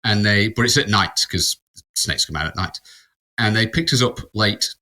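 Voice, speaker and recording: Bright-voiced man telling a rambling story. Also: on the low side, animated, normal speed. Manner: rambling anecdote with laughs and restarts. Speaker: podcast co-host. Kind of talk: casual storytelling.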